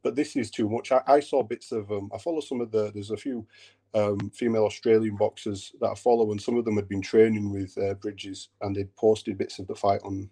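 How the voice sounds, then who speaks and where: A man's voice: on the low side, level tone, fairly quick, dark tone. A man in his late thirties chatting about boxing on a podcast, hesitant and full of ums and restarts. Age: 30s. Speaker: podcast co-host. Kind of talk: casual chat.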